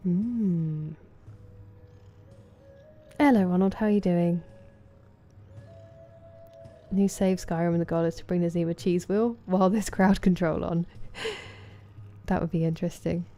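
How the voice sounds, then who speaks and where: A woman's voice: on the low side, fairly even intonation, unhurried, pauses often, dark tone. A young woman streaming a game, chatting casually with viewers and greeting them by name. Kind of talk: casual chat with viewers while gaming. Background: game music.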